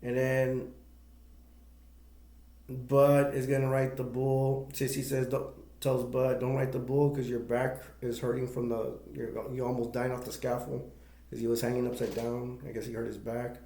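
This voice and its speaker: A man's voice: medium pitch, monotone, normal speed, creaky, warm tone. Man rambling through a movie plot, roomy sound. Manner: rambling, with many fillers and restarts. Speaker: movie reviewer. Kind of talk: casual plot retelling.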